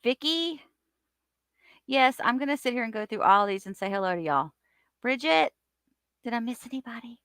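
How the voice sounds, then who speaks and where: A woman hosting a casual live stream, chatting and greeting her viewers by name in an animated way. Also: moderate pace, pauses often, clean tone, no echo, studio quality. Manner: animated, lively swings in pitch and loudness.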